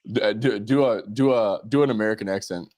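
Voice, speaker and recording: A man's voice: fairly low pitch, quick pace, darkish tone, no room sound. A young man hosting a sports betting show, joking around loosely with lots of fillers. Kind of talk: casual betting chat.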